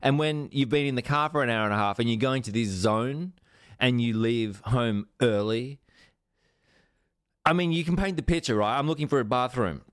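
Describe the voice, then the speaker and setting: A man, hosting a podcast and telling a long sweary anecdote in an animated, self-mocking way. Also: medium pitch, normal speed, smooth, no echo, studio quality. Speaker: podcast host. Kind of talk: casual storytelling.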